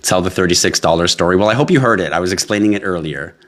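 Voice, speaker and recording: Man, very low voice, brash live streamer, swearing, joking, reading viewer comments. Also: quick pace, fairly bright tone. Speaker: crypto live stream host.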